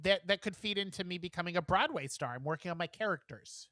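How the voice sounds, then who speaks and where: A man's voice: sits high, quick pace, pushed and bright. Tired, giggly man chatting on a podcast. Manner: chatty and giggly, rambling with many fillers. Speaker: podcast co-host. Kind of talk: casual chat.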